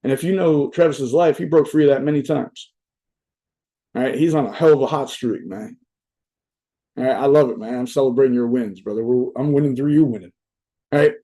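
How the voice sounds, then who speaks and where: With a mid-range, warm voice, a young adult man speaks briskly but pauses often. He's giving a casual motivational talk at a virtual event into a talk mic, meandering, cursing, and peppering it with fillers and "right?"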